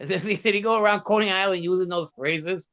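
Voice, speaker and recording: A man chats as a guest on a casual live stream, laughing often and trying out mock accents. His voice sits a bit high and is recorded dry. The audio is dull and lo-fi. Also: fairly quick, no echo.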